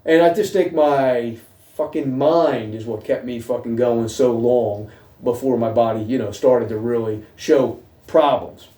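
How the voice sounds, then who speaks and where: A man's voice: mid-range voice, steady tone, measured pace, mellow, far from the mic. A middle-aged man telling his own story in a blunt, casual way, swearing heavily and checking in with "okay?". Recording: roomy echo, voice away from mic.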